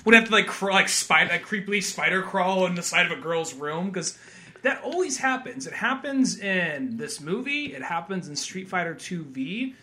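A man's voice: high-pitched, animated, moderate pace, pushed and bright. A man co-hosting a podcast in casual chat, retelling scenes and acting out quotes. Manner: storytelling, acts out scene quotes. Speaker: podcast co-host.

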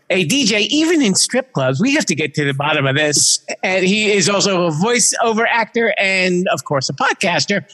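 A male podcast host with a fairly high voice, chatty and full of playful asides. His voice trails off into a long reverb. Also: fairly bright tone. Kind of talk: casual interview chat.

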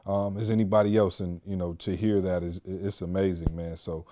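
A man's voice: sits low, level tone, brisk, mellow. A man co-hosting a podcast, speaking reflectively in casual chat. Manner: reflective, with many fillers and restarts. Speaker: podcast co-host.

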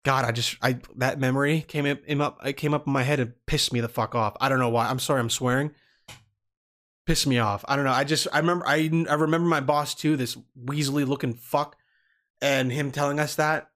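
A man's voice: mid-range voice, fairly even intonation, fairly quick, fairly bright tone. A man telling a long personal story in casual talk, rambling with restarts and swearing freely. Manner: rambling, swears freely, acts out quoted people.

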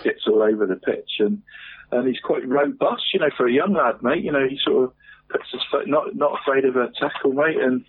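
On a phone-like radio line with a little hiss or hum, a man presents local football results in chatty, rambling fashion, saying "mate" after nearly every phrase. His mid-range voice moves at a brisk pace.

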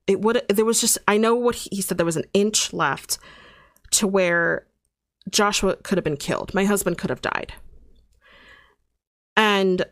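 A woman's voice: fairly low pitch, dry recording, studio quality. A young adult woman hosting a podcast, telling a personal story in an earnest, confessional and emphatic way. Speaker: podcast host.

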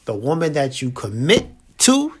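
A man co-hosting a podcast in casual chat, slangy and laid-back, repeating points slowly for emphasis. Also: fairly high pitch, huge pitch swings, fairly bright tone. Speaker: podcast co-host.

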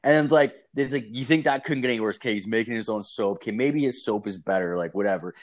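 A man's voice: on the low side, fast. A man, swearing constantly as he tells rambling stories in a casual chat. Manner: profane, animated storytelling.

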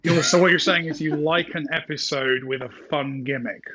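A man's voice: a little high, steady tone, normal speed, pushed and bright, a little hiss or hum. A man co-hosting a podcast in casual chat, with dry, sarcastic teasing. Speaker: podcast co-host.

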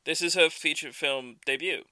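A man with a very bright, crisp and smooth voice, recorded dry and close. He lays out a film's plot in a measured, summarizing way, like a podcast co-host. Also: fairly high pitch, dry recording. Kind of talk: casual film review chat.

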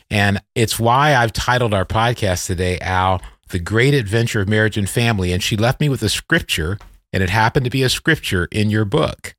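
A man's voice: fairly low pitch, moderate pace, a bit bright, no room sound, clean studio sound. A middle-aged man hosting a podcast, telling a personal story in a reflective, conversational way and then interviewing his guest. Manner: reflective, conversational, self-correcting. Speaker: podcast host.

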